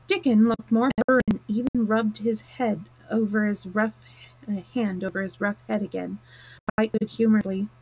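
A woman reading a classic novel aloud on a live stream, plain and steady with small slips and restarts. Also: medium pitch, moderate pace, no room sound, low-quality recording. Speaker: storyteller. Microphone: close mic, live stream.

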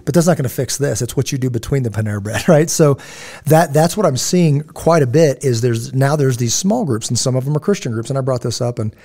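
A man's voice: medium pitch, brisk, dark tone. A middle-aged man hosting a podcast, telling stories in a casual, digressive way and acting out the people he quotes. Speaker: podcast host. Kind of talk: casual storytelling chat.

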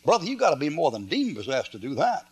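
A preacher man, older, telling folksy stories in a sermon, shifting between loud bursts and quiet asides. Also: a little high, wildly swooping pitch, quick pace, slightly rough.

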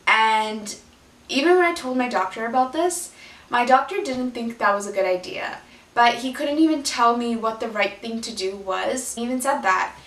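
A woman's voice: a little high, moderate pace, fairly bright tone, recorded from a distance. A young woman, a vlogger, talking candidly and rambling to her viewers, her face partly numb. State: left side of face numb, drooling. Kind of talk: personal vlog. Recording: echoey room, voice from off the mic.

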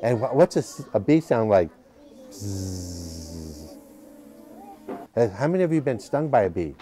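A man's voice: medium pitch, big pitch swings, fast, mellow, faint music behind. A man reading a picture book to children at a library, patiently asking the children questions as he goes. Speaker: library storytime reader.

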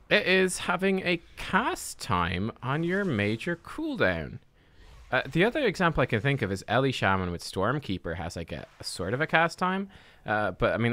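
A young man giving casual, chatty commentary over gameplay footage, self-deprecating and quick to laugh at himself. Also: mid-range voice, fairly bright tone. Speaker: gaming content creator.

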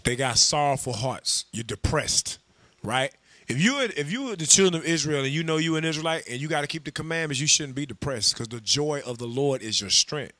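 A man teaching a scripture class, animated and joking, calling on others to read. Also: a little high, brisk, no echo. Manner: animated, humorous, calls on readers. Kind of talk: sermon.

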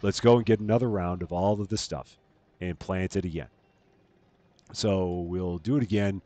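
A man's voice: low-pitched, fairly even intonation, moderate pace, mellow. A man chatting casually on a live game stream, rambling with lots of fillers and repeated words. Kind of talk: casual live-stream chat while playing.

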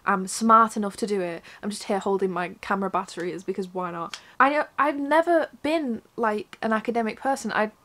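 A woman's voice: medium pitch, brisk, hardly any pauses, fairly bright tone. A young woman talking candidly to her camera at home, frank and rambling, swearing often, close to tears. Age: young adult. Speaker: vlogger. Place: indoors at her mother's home.

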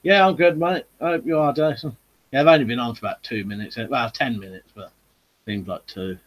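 A man's voice: medium pitch, brisk. A man hosting a live chat stream, casually reading out viewer comments and answering them.

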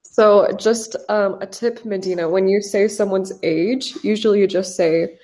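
A woman's voice: mid-range voice, fairly even intonation, measured pace, few pauses, a little mellow. A young woman in her twenties from the United States, an English teacher leading a live online class, upbeat and encouraging with casual fillers, heard over a video call.

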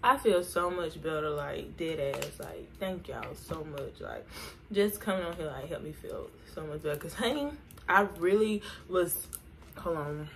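A woman's voice: low-pitched, unhurried, a little hiss or hum. A woman vlogger chatting playfully with viewers while getting ready, full of slangy asides. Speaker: beauty vlogger. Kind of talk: casual get-ready-with-me chat. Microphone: camera mic while doing makeup.

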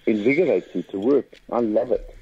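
A South African man, a comedian guest, chatting in a lively storytelling way in a radio studio. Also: lowish voice, breathy edge. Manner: lively storyteller with quick bursts of mimicry. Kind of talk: casual interview chat. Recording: dull radio studio sound.

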